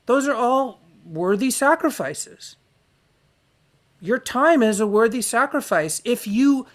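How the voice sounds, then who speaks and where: A man holding forth alone in an unscripted monologue. He swears freely and rants bluntly. His thoughts wander and restart as he works them out aloud. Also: high voice. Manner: profane, ranting, frank; wandering, self-correcting delivery. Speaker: podcast host.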